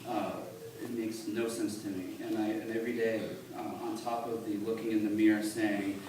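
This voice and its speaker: A man giving a halting, earnest personal testimony at church, recorded on a phone from the congregation. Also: fairly low pitch, flat delivery. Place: church sanctuary. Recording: echoey church on a distant phone, noisy.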